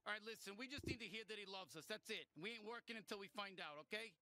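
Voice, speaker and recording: A man's voice: sits high, quick pace, sharp tone, a little hiss or hum. An actor playing a crude, sulky male construction worker in a video game, blustering, swearing and stammering.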